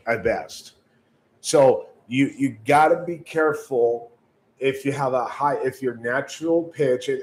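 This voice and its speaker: A man's voice: mid-range voice, poor audio. A man teaching sales callers in a coaching tone, often stumbling over repeated words and checking in with "right?". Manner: coaching, direct advice. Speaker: sales trainer. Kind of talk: instructional talk on sales calls.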